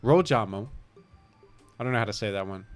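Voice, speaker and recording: An Australian gaming streamer rambles through self-deprecating game commentary that trails off into mumbled asides. His voice is on the low side and brisk, with faint music in the background.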